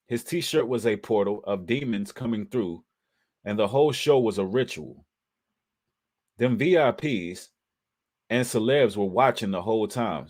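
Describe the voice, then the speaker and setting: Emphatic preacherly man hosting a livestream. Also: fairly low pitch. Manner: emphatic, preacherly, addresses audience as brothers and sisters; casual slang with occasional cursing. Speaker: livestream host.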